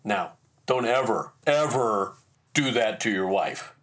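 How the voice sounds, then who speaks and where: Animated self-deprecating male storyteller. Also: fairly low pitch, slow. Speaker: podcast host. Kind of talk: personal storytelling.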